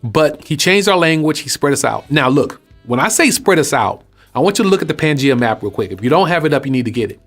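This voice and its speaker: Animated man teaching over soft music. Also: on the high side, quick pace. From Texas. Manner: animated, conversational preaching with rhetorical questions. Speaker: host. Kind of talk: casual spoken teaching.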